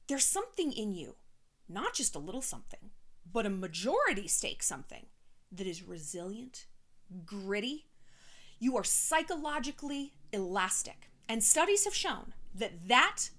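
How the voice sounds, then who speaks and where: Woman vlogger giving blunt pep talk, swears a lot, voice bounces all over, a bit high. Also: fairly bright tone. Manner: blunt and profane, with playful put-on voices. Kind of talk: motivational self-help vlog.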